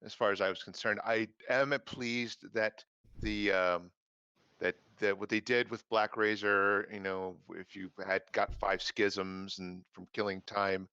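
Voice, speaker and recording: A man's voice: on the low side, flat delivery, measured pace, pushed and bright, clean tone, dry recording, lo-fi sound. A man who is a guest on a podcast roundtable, repeating words as he thinks. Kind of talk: casual roundtable chat.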